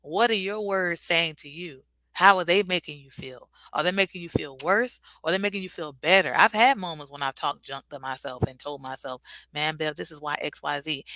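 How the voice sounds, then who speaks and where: A woman's voice: low-pitched, sharp tone, no room sound, low-quality recording. A talkative woman hosting a casual motivational livestream, answering viewer comments and laughing easily. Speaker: livestream host.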